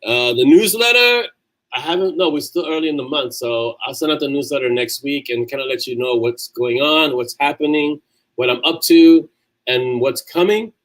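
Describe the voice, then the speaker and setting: A man's voice: mid-range voice, normal speed, fairly bright tone, rough recording. A man from New York, an author hosting a casual livestream. He chats loosely with viewers, reads out their comments and often restarts his sentences. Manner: chatty and loose, frequent restarts.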